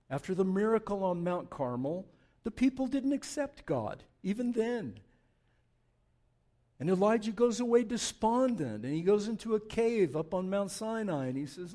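A man preaching in a church, his voice mellow and warm yet sitting fairly high. He talks conversationally but with emphatic, animated bursts, like a pastor walking his congregation through a passage. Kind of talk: sermon.

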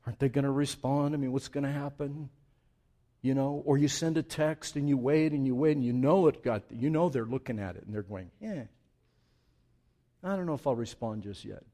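A man preaching a sermon, moving from quiet, intimate remarks to loud, emphatic passages with conversational asides to the congregation. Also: mid-range voice, a little fast. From Southwest United States. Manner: dynamic, swings from hushed to loud and emphatic. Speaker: pastor.

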